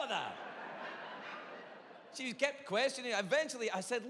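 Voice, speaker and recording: A Scottish man tells a stand-up story with an animated, exaggerated, confessional delivery. His fairly high voice swings wildly up and down. His words ring out into a long hall reverb over faint ambience. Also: moderate pace, long pauses, slight background noise. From Scotland. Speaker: stand-up comedian.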